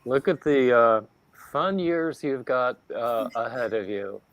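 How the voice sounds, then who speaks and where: A man's voice: mid-range voice, lively intonation, slow. A man hosting a casual live stream, reading viewer comments aloud and laughing often. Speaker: stream host.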